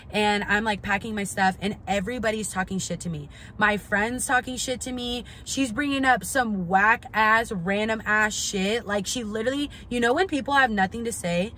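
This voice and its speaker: A woman's voice: a little high, slight background noise. Young woman telling a storytime, swearing. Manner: profane, animated, lots of "like". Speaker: vlogger.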